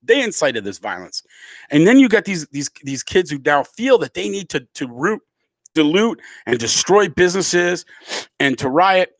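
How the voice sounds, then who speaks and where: A man's voice: a little high, sing-song, moderate pace, no room sound. A middle-aged man, a comedian from Canada, ranting angrily to camera and swearing freely. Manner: angry, emphatic, swearing freely. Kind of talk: profane political rant to camera.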